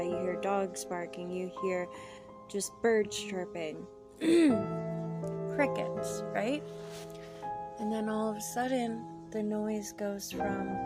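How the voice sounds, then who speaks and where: A woman casually telling a true paranormal story from her childhood, chatty and dropping into whispers for suspense. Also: mid-range voice. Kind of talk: casual first-person storytelling.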